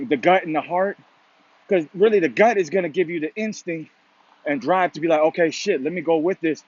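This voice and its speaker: A man's voice: fairly high pitch, slightly rough. A man talking in a loose, rambling motivational monologue, full of "you know" and casual swearing. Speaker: motivational vlogger. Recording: dull lo-fi sound.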